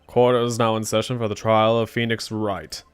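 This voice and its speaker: A halting, fussy old judge, read by a man. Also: fairly low pitch, level tone, smooth, soft background music, lightly acted. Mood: hesitant. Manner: reading game dialogue aloud, halting. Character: older male judge, hesitant and fussy.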